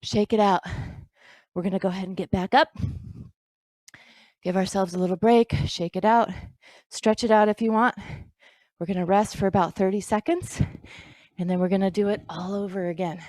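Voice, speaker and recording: A woman's voice: mid-range voice, fairly even intonation, moderate pace, darkish tone, no echo. A woman leading a bodyweight workout as fitness instructor, counting reps aloud and encouraging the viewer.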